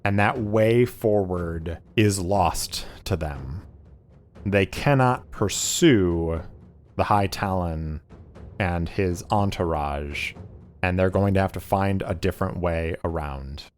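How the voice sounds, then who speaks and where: A man narrating a solo tabletop game as game master and reading rules aloud in a measured way. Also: low-pitched, soft background music.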